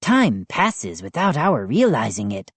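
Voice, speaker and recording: A woman voicing a small, pleading male lawn gnome with a raspy voice, speaking slowly and earnestly. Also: extremely low pitch, huge pitch swings, dry recording, full character voice.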